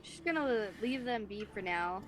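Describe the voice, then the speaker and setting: A woman's voice: mid-range voice, expressive, normal speed, a little hiss or hum. A woman playing a tabletop game, stating her character's actions in a matter-of-fact way. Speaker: player. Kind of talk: casual tabletop game chat.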